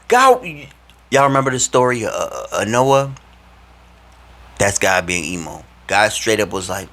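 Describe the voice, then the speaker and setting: An animated man telling a personal spiritual story on his vlog. He talks in casual slang at a mid pitch and keeps jumping into voices for the people in the tale. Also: normal speed. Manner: animated, slangy, leaps into acted quotes. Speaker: vlogger.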